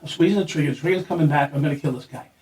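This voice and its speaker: A man's voice: a little high, very fast, darkish tone, recorded from a distance. A man telling a long story in casual chat, acting out quoted lines, swearing and laughing as he goes. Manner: acts out quoted lines in a raised voice. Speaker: guest.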